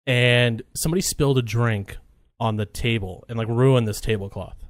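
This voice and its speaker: A young man co-hosts a podcast in casual chat, telling rambling stories loaded with "like" and other fillers. His voice is dry and close, with no room in it, and sits at an average pitch. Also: moderate pace, no echo. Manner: rambling, filler-heavy storytelling with lots of "like". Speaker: podcast co-host.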